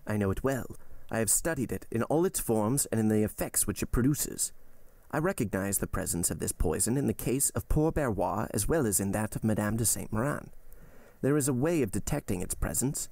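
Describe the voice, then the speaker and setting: A man voicing a stern middle-aged male doctor who speaks solemnly and deliberately. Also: on the low side, lively intonation, gravelly, a little mellow, no room sound. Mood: grave.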